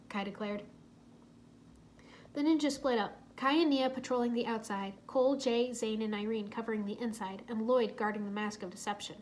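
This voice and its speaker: A woman narrating a children's storybook aloud in a soft, steady way. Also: a little high, moderate pace, slight background noise.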